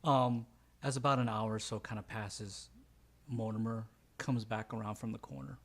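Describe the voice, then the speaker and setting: A man's voice: on the low side, steady tone, moderate pace, creaky. A man running a tabletop role-playing game as game master, narrating hesitantly with frequent fillers. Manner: hesitant, full of "um" and "kinda".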